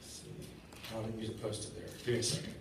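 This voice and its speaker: A man's voice: on the low side, fast, creaky. A man in his thirties giving a sermon as a lay preacher, earnest and conversational, often stammering and repeating words. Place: church sanctuary. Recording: echoey church room from far off, faint hiss. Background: congregation responding.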